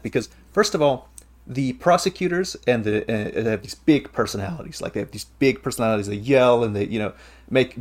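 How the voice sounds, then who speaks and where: A man hosting a casual podcast chat, explaining things at length in an eager, rambling way. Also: medium pitch. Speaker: podcast host.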